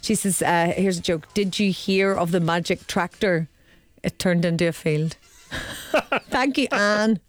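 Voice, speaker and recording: A woman co-hosting a radio show, lively and teasing in casual chat. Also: fairly low pitch, unhurried, dry recording. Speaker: radio co-host.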